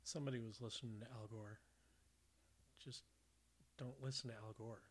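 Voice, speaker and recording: A man's voice: mid-range voice, fairly even intonation, moderate pace. A man in casual podcast chat, answering briefly with dry, sarcastic quips.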